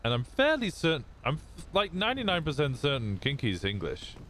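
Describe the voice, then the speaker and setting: A man's voice: a little high, wildly swooping pitch, brisk, a bit bright, a little hiss or hum. A man streaming, chatting casually, rambling and swearing freely as he thinks aloud.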